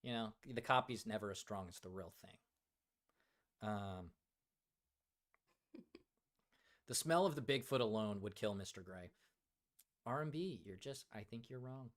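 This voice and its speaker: A man's voice: lowish voice, expressive, measured pace, pauses often. A man hosting a casual livestream, joking around and reading viewer comments aloud. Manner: joking, reads chat aloud, many fillers. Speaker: livestream host.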